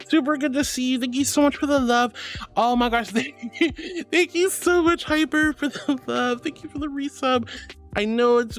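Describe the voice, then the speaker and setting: A gushing VTuber streamer with a lively, swooping voice reads viewer messages during a livestream, with faint music playing underneath. Bubbly and affectionate, she calls her chat "sweetie" and swoops up into high squeals of excitement.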